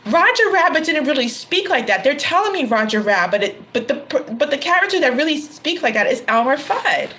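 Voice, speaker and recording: A woman's voice: high voice, big pitch swings, moderate pace, pushed and bright, a little hiss or hum, low-quality recording. A woman hosting a live-stream tarot reading, talking casually to viewers by name and laughing often.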